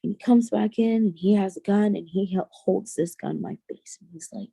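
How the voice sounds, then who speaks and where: A young adult woman, a podcast guest, telling a personal story in an earnest, halting way with many restarts. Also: medium pitch, creaky, warm tone, husky, no room sound.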